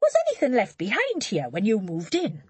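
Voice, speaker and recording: A blunt middle-aged detective presses with direct questions, as the woman narrator gives her voice. Her pitch moves in a lively way. The audiobook sound is dry and close. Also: a little fast, slightly rough, no echo, exaggerated voice. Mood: probing. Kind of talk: audiobook character reading.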